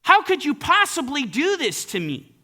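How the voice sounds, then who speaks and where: A woman's voice: high voice, huge pitch swings, moderate pace, bright, forceful tone, pitched above the performer's own voice, heavily acted. A man voicing an angry young daughter who berates her father in an indignant, accusing way.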